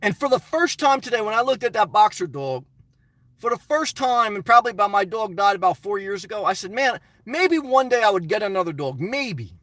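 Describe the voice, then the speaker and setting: High-voiced, blunt middle-aged man. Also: very animated, a little fast, a bit bright, no echo, far from the mic. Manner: blunt, opinionated, rambling. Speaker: channel host answering live chat. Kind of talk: casual live-stream chat.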